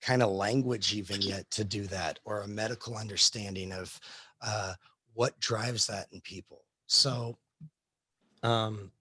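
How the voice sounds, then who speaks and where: A man's voice: lowish voice, steady tone, measured pace, bright, forceful tone, husky, no echo. A man teaching history in a casual live class discussion, rambling with many fillers and restarts.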